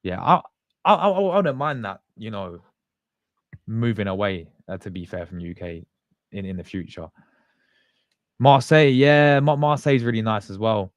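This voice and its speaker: A man with a fairly low voice talks casually to his livestream viewers. He rambles in a loose, slangy way, often restarting his sentences. The sound is dry and close, with no room echo. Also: very animated, moderate pace, pauses often. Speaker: fan channel host.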